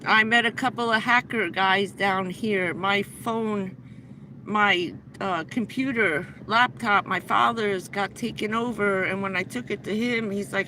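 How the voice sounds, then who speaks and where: A middle-aged woman with a bright, clear voice spins a long story on her livestream, stumbling and restarting as she goes. A faint vehicle hum runs underneath. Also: medium pitch, steady tone, measured pace, low-quality recording. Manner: rambling, breathless anecdote with many restarts. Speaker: livestream host. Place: inside a vehicle.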